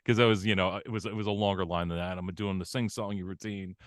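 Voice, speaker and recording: A man with a low voice speaks in a dry, close recording. He is a guest on an interview show, telling stories about his voice acting with lively energy. He laughs often and jumps into a higher, brighter showman tone whenever he quotes someone. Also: fast talker, smooth, no room sound. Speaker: voice actor guest. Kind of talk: casual interview chat.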